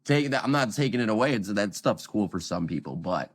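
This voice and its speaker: A man in his late twenties with a raspy voice, chatting casually as a podcast guest and rambling through animated stories. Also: fairly low pitch, fairly quick. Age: late 20s. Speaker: guest vocalist. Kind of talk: casual chat.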